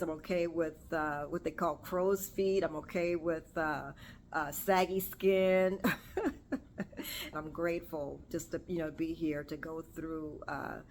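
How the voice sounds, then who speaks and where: Host, woman, 40s, low-pitched, chatty solo vlog, meandering and self-correcting, faint room noise. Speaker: podcast host. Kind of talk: casual solo talk to camera. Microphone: camera or phone on self.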